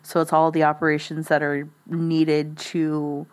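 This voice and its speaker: A woman's voice: low-pitched, monotone, measured pace. A young woman chatting casually as a guest, rambling and laughing at her own jokes. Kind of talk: casual chat.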